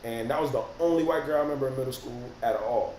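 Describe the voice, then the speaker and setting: A man, hosting a casual livestream and reacting to viewer comments in animated, profane slang. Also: mid-range voice, fast talker. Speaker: rapper and livestream host. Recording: roomy echo, faint noise.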